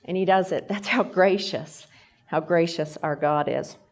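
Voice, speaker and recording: A woman's voice: lowish voice, measured pace. A middle-aged woman from Texas with a Texan accent, giving a faith-based leadership talk at a lunch event and telling stories while acting out the voices. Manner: storytelling, acting out quoted voices. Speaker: guest speaker.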